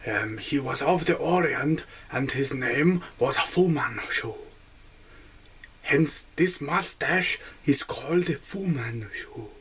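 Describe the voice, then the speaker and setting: A man putting on an exaggerated voice for a fictional villain, speaking slowly and theatrically. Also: medium pitch, expressive, a bit bright, slightly rough, pitched above the performer's own voice, exaggerated voice.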